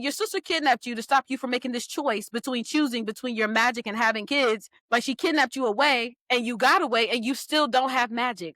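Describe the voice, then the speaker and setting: A woman co-hosting a podcast, chatting casually in an animated, exasperated and rambling way. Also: on the high side, no room sound, studio quality. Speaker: podcast co-host. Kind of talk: casual book review chat.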